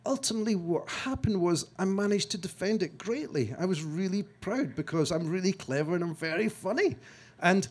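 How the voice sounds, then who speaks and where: A man from Scotland telling a story to an audience, self-mocking and halting, with frequent restarts, acting out what other people said. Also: sits high, lively intonation, a little mellow. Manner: halting restarts and repeated words. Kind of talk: storytelling talk.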